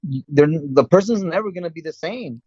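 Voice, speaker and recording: A man on a casual podcast, speaking haltingly with many uhs and some swearing. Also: a little high, lively intonation, darkish tone, slightly rough, no room sound, dull audio. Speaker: podcast co-host.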